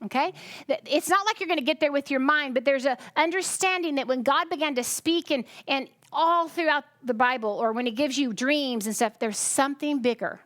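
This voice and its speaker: A woman's voice: sits high, a little fast, a bit bright, no echo, studio quality. A tired woman preaching a chatty sermon, often breaking off to ask the congregation questions. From United States. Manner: chatty, self-interrupting, asks the congregation questions. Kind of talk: conversational sermon.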